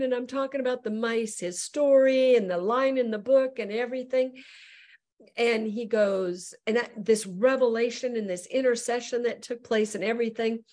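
A middle-aged woman evangelist, a guest on a show, telling a personal testimony in an animated way and acting out the voices she quotes. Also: fairly high pitch, normal speed.

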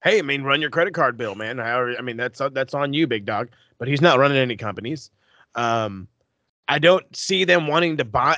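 A man's voice: medium pitch, animated, brisk, pushed and bright, no room sound, dull audio. A young man co-hosting a podcast, ranting bluntly and profanely in casual chat. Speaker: podcast co-host.

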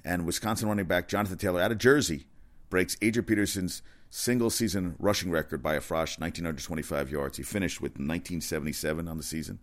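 A man giving a casual, rambling sports rant, excitable and profane, often correcting himself. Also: low voice, quick pace. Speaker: sports commentator.

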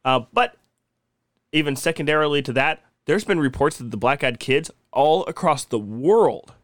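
A man's voice: on the high side, expressive, normal speed, fairly bright tone, dry recording, studio quality. A young man co-hosting a casual podcast, laughing often and swearing freely as he tells a spooky story. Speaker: podcast co-host.

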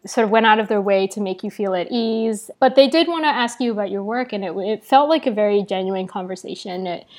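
A woman's voice: medium pitch, a little fast. A young woman artist chatting casually in an interview, rambling with many fillers and restarts. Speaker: prize-winning artist guest.

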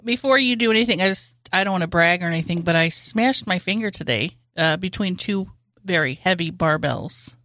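A woman co-hosting a podcast in casual chat, cracking quick jokes. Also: fairly low pitch, animated, fairly bright tone, dry recording, studio quality. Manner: joking, quick quips. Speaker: podcast co-host.

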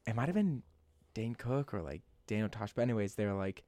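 A young man with a low-leaning voice chats loosely as a podcast co-host, quick to laugh and drop a curse. The recording is dry and close to the mic. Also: animated, mellow, dry recording. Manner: chatty, laughs often, swears. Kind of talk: casual podcast chat.

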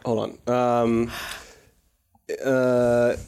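A man's voice: mid-range voice, completely flat delivery, extremely slow, a little mellow, clean tone. A man playing a tabletop game as a player, making joking asides. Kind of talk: casual tabletop game talk.

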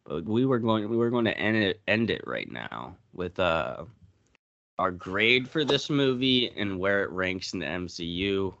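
A man's voice: low voice, sing-song, a little slow, gravelly, a bit bright, dry recording, dull audio. A man hosting a podcast in casual chat, laid-back and steering the conversation. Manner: laid-back, leads the segment and hands off questions. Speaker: podcast host.

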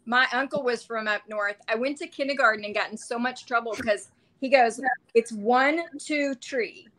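An American woman hosting a podcast, chatting in a playful, animated way. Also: fairly high pitch, brisk, slight background noise, rough recording. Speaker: podcast host. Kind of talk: casual chat.

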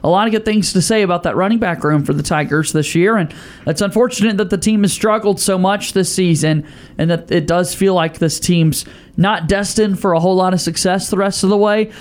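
A man hosting a casual sports radio show, upbeat and quick to laugh. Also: high-pitched.

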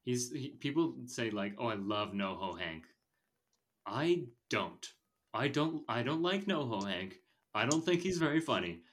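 A man hosts a casual movie podcast, talking at an everyday middle pitch. He rambles and gives strong opinions, leaning on fillers like "um" and "like". The delivery is relaxed and conversational. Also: normal speed. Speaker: podcast host.

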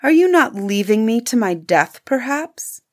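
A woman's voice: a little high, big pitch swings, unhurried. A woman voicing a sad, weary young prince in a storybook, speaking reproachfully.

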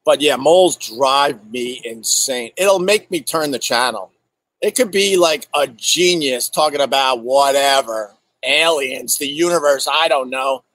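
A middle-aged man, a comedian, telling casual stories outdoors in an animated, profane way and answering viewer chat. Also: mid-range voice, a little slow, no echo, poor audio. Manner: animated, profane, acts out exaggerated quotes. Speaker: comedian host. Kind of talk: casual storytelling monologue. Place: outdoors in bright sun.

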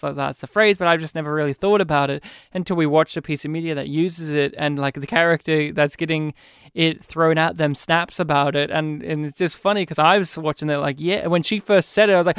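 An Australian man co-hosting a podcast, chatting casually about a film with quick asides. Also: on the high side, fairly bright tone, clear, resonant tone, no echo, clean studio sound. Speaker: podcast co-host.

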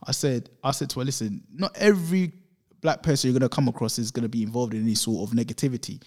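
Man from London, fast talker, casual storytelling, mimics the people in his stories. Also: mid-range voice. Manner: animated storyteller who acts out quoted voices.

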